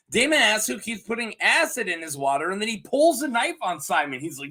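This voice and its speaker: A man's voice: sits high, very animated, bright, forceful tone. Giggly man recapping a show. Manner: giggly, acts out characters in quick voices. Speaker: podcast reviewer. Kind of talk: casual scripted recap.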